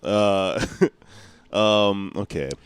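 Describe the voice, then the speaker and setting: A man's voice: on the low side, very slow, smooth, no echo. A man hosting a podcast in casual chat, rambling, swearing freely and laughing often. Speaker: podcast host.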